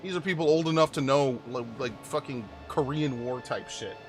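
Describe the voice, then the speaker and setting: A man in his forties from New York hosts his gaming stream and talks casually through a blunt, profane rant, restarting sentences as he goes. Game music plays clearly behind his voice. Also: medium pitch, moderate pace. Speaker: gaming channel host. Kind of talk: casual live-stream rant during gameplay.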